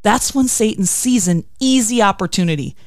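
Female host, devotional chat, animated storyteller, close dry mic. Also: medium pitch, normal speed, no room sound. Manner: expressive storytelling with acted quotes. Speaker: podcast host. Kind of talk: faith devotional talk.

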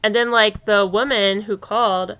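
A woman's voice: mid-range voice, normal speed. A woman co-hosting a casual true-crime chat, retelling events with swearing and acted-out quotes. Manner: animated retelling, swearing, acting out quoted calls. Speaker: podcast co-host.

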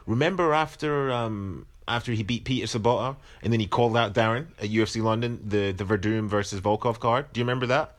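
A man in a casual podcast chat who talks haltingly, repeats words and laughs often. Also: fairly low pitch.

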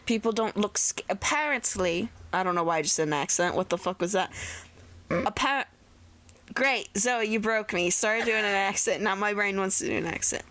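Quick-joking woman player. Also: mid-range voice, fairly bright tone. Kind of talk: casual tabletop chat.

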